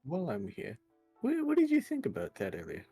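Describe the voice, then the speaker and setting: A man's voice: medium pitch, wildly swooping pitch, brisk, mellow, slightly rough, dry recording, faint music behind. A young man streaming and chatting casually with friends, self-deprecating and jokey, with rambling restarts.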